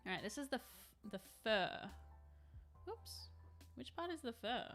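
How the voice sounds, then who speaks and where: While painting on a live stream, a woman speaks in a bright, clear voice with fairly high pitch, lively intonation, and a fairly quick pace. She rambles chattily and answers her chat, faint music playing softly behind her.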